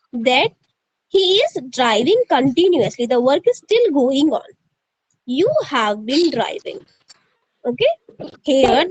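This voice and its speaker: A woman's voice: high voice, dry recording, low-quality recording. A woman with an Indian English accent teaching a live online grammar class, drilling her students with questions and slipping into Hindi to prod them.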